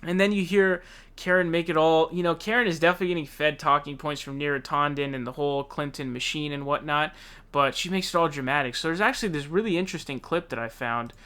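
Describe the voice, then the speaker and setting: A man's voice: on the high side, fast talker, bright, forceful tone, clear, resonant tone. A man hosting a political commentary show, ranting casually in a heated, profane, slangy way.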